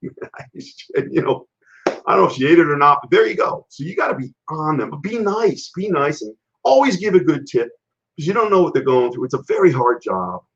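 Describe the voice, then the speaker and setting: The voice is a little high and moves at a moderate pace, belonging to a man hosting a casual health and fitness live-stream. His stories come out blunt, animated and rambling, with dull lo-fi sound.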